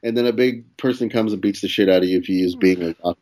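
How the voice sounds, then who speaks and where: A man's voice: sits low, very fast, a little mellow. A young man, a comedian guest, telling a story in casual chat, swearing and acting out quoted lines. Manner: laid-back, swears, acts out quoted dialogue with laughs.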